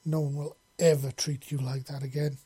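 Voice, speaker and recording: A man's voice: a little high, little pitch movement, normal speed, mellow, husky. A man voicing a fierce, protective female alien warrior with mandibles in an audiobook, speaking with venom. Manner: vehement, protective.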